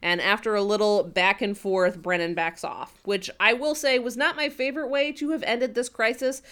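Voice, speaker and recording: A woman talking casually on a podcast, retelling scenes from an episode. She keeps slipping into the characters' lines as she tells it, with plenty of fillers and an animated delivery. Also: fairly high pitch, normal speed, clear, resonant tone. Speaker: podcast co-host. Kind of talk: casual recap chat.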